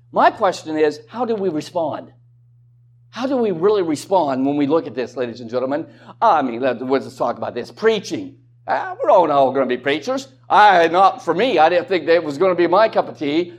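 A man's voice: on the high side, animated, normal speed. A man preaching a sermon in a conversational way, with rhetorical questions and joking asides.

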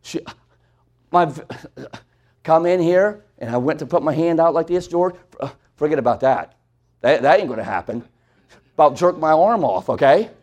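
Preacher, male, high-pitched, impassioned sermon that drops to near-whispers. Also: animated, normal speed, pauses often, highs cut off. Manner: impassioned preaching that swings from loud to hushed.

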